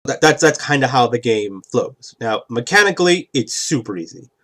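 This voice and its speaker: A man's voice: medium pitch, animated, moderate pace, a bit bright. A man in a mid-range voice walks his players through a tabletop game's rules at a casual pace. He rambles, restarts his thoughts and keeps checking in with "right?". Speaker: game master explaining rules. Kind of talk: casual explanation at a game table.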